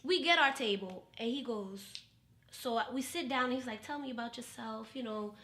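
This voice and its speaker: A woman's voice: a little high, normal speed, pushed and bright, roomy sound. A woman telling a dating story on a podcast, profane and dramatic, acting out the voices of the people in it. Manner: profane, dramatic, acts out quotes. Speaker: podcast guest. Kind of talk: animated storytelling.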